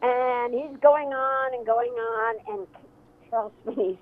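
A woman author being interviewed on radio, telling a story in an animated way over the phone. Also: fairly high pitch, slow pace. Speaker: author and guest. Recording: tinny phone line.

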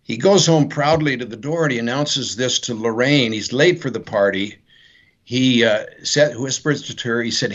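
Man, author, interview, animated retelling, dull recording. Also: medium pitch, moderate pace. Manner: rambling storyteller, acts out the characters' lines. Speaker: author guest. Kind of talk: interview, retelling his novel's plot. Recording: dull lo-fi sound.

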